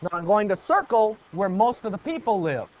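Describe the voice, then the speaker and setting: A male teacher with a rather high voice runs a classroom lesson. He keeps quizzing the students and repeats the key points. The recording is muffled and lo-fi. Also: big pitch swings, fairly quick, a little mellow. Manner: asks the class questions and praises answers.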